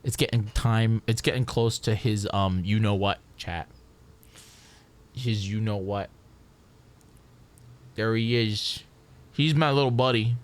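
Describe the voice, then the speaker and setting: On a live game stream, a man with a fairly low voice talks slowly and pauses often. His casual chat rambles, and he keeps restarting his sentences over and over.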